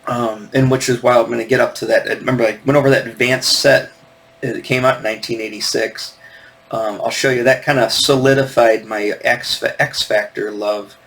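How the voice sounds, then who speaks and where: A man's voice: medium pitch, steady tone, normal speed, creaky, a bit bright, low-quality recording. Rambling middle-aged man chatting about comics. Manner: rambling, many fillers and restarts, enthusiastic. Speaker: comic artist and video host. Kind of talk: casual solo talk, screen-share commentary.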